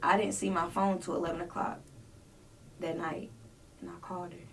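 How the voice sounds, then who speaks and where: A woman's voice: fairly low pitch, little pitch movement, moderate pace, creaky, far from the mic, noisy background. A woman telling a personal story as a podcast guest, acting out voices and dropping to near whispers.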